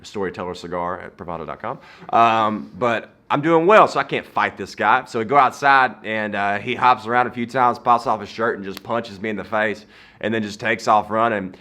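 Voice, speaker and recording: Male comic in his 30s, bright tone, animated storyteller, in a garage. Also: on the low side, moderate pace. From Southern United States. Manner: animated, playful, swings loud and soft. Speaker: comedian. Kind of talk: comedic storytelling.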